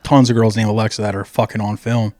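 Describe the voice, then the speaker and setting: A man's voice: fairly low pitch, level tone, fast, darkish tone, no echo, clean studio sound. A man co-hosting a podcast in casual chat, riffing loosely with lots of swearing and comic bits. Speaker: podcast co-host.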